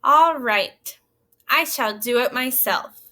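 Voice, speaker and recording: Patient little hen read by a lady, slow, bright sounding, storybook voice. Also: high-pitched, full character voice. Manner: storybook read-aloud voice, slightly raised. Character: hard-working little female hen, patient.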